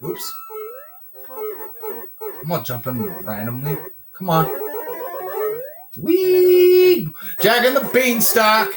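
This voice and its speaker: A man from the US talks through a video game in a high, sing-song voice that swoops all over. He drawls slowly, whoops, and slips into rhymed boasts, with faint game music underneath. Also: huge pitch swings, rough recording. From United States. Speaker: gamer. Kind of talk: casual gameplay commentary.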